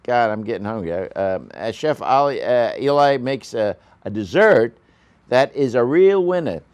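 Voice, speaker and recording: A man's voice: mid-range voice, expressive, normal speed, a little mellow. A man giving a casual, rambling restaurant review on a local news show, full of fillers and asides. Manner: rambling, with frequent fillers and coughs.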